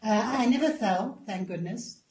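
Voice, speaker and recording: An older South African woman in her seventies, speaking as an interview guest in a mellow, darker tone. She tells her stories calmly and gently. The room around her sounds echoey. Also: medium pitch, moderate pace. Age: 70s. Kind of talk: casual interview chat.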